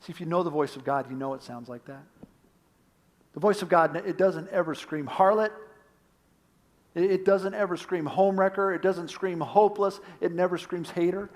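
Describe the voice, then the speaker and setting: A man preaching a sermon as pastor, earnest, swinging between emphatic points and hushed, quiet lines. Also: high voice, normal speed.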